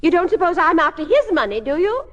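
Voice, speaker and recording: A flustered older mother in an old radio comedy, a high voice that swoops up and down and trails into breathy giggles as she stumbles over her words. She is sweet and a little scatterbrained. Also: sing-song, fast talker, highs cut off, background noise. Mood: giggly. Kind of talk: 1950s radio sitcom acting.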